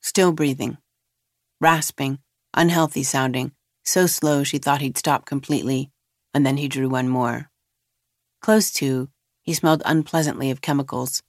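Audiobook reader, steady pace, mid voice, dead dry recording. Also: mid-range voice, unhurried, dry recording. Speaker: narrator. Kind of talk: audiobook narration of a novel.

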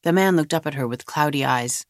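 A narrator reads a novel in a measured, steady way. The voice sits in the middle range. The recording is dry and close, with no room sound. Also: mid-range voice, dry recording.

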